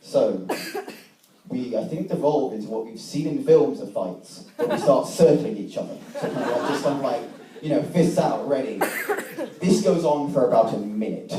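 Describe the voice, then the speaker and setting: A man's voice: mid-range voice, moderate pace, a crowd in the background. A young man, a student, telling a self-mocking comic story to a live audience, swearing freely and acting out old dialogue. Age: young adult. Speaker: student speaker at a debating society. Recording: echoey room, mic from a distance.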